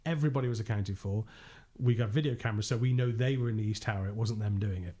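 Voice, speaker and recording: Man, ghost hunter, casual podcast storytelling, animated, laughs often. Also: lowish voice, fast. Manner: animated anecdotes, laughs often, acts out quotes.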